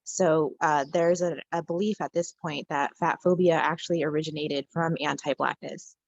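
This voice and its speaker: A woman's voice: deep voice, steady tone, normal speed, creaky, lo-fi sound. A woman author answering interview questions, hesitant, with many ums and likes. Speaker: guest author.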